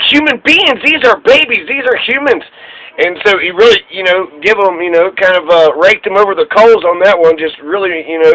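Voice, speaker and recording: Male commentator, high bright voice, sarcastic and rambling, radio-style audio. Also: poor audio. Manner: sarcastic, rambling with many fillers. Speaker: political commentator. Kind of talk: casual political commentary.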